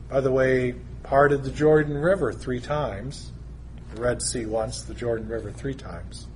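A man preaching a sermon, speaking deliberately and building emphasis through long lists. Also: medium pitch, darkish tone, slight background noise.

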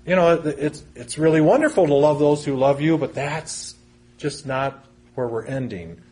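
A man's voice: fairly high pitch, animated, normal speed, dark tone, breathy edge. A man preaching a sermon, reading scripture aloud and explaining it in an earnest, conversational way. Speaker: pastor.

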